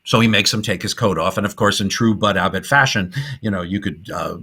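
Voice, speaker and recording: A middle-aged man hosts a podcast and retells old comedy scenes with relish, often breaking into laughter. His voice sits fairly low but sounds bright and forward, with a husky grain. He talks in a loose, chatty way. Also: a little fast. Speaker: podcast host. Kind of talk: casual film discussion.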